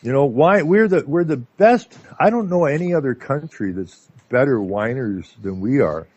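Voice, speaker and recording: A Canadian man talking casually as a radio guest, telling stories in an animated way with lots of filler words. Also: mid-range voice, moderate pace. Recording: dull lo-fi line.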